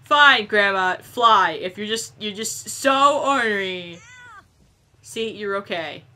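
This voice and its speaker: A woman giving silly, animated let's-play commentary, chatting to the game characters as she plays. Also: medium pitch, takes it slowly. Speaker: gameplay commentator.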